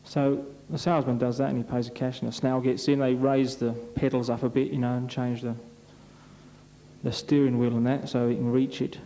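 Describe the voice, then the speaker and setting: A man's voice: medium pitch, little pitch movement, fairly quick, warm tone, poor audio. A man on stage at an amateur revue, telling long jokes to a live audience in a rambling, chatty way. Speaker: revue comedian.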